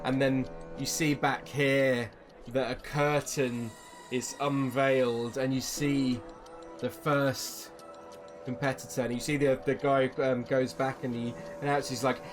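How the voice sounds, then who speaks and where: A man narrating a tabletop game as game master, slowly and with frequent ums. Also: medium pitch, flat delivery, music in the background.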